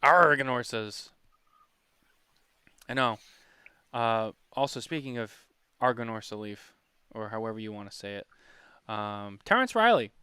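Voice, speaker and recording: A man's voice: lowish voice, animated, normal speed, pauses often, pushed and bright, clean tone, no room sound. A man hosting a podcast in casual chat, rambling and chatty as he reads comments. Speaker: podcast host.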